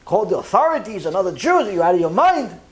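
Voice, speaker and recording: A rabbi giving a Torah lecture, telling a story as an animated storyteller who acts out each character's lines. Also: male voice, high voice, quick pace.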